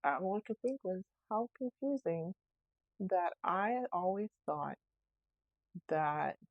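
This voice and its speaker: Talking through her week solo, this podcaster rambles thoughtfully and keeps correcting herself partway through. Her lowish voice has lively intonation and a slow pace, captured in a dry recording with narrow, tinny audio.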